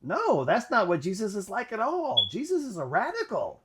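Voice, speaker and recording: A woman's voice: medium pitch, huge pitch swings, moderate pace, background noise, pitched above the performer's own voice. A man voicing a friendly young college woman who eagerly invites people in, retelling a story from his own past.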